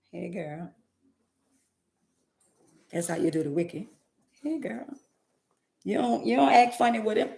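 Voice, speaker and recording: A woman's voice: fairly low pitch, animated, a little slow, gravelly, pauses often, warm tone, echoey room. A woman vlogger giving an emphatic, preachy faith-based motivational monologue with lots of repetition.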